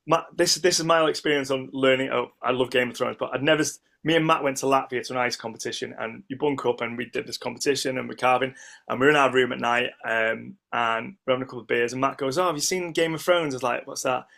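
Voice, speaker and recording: A middle-aged Englishman chatting as a podcast guest, telling animated stories in a voice of ordinary pitch. He rambles, restarts his sentences and acts out what other people said. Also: quick pace, gravelly. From United Kingdom. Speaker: guest, ice sculptor. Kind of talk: casual interview storytelling.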